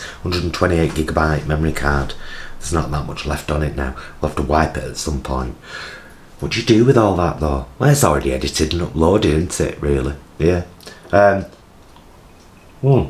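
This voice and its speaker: A man's voice: a bass voice, animated, normal speed, a little mellow, a little hiss or hum. A British man in his forties vlogging from his home kitchen, chatting casually to camera in a rambling, self-mocking way, recorded on his vlogging camera. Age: 40s.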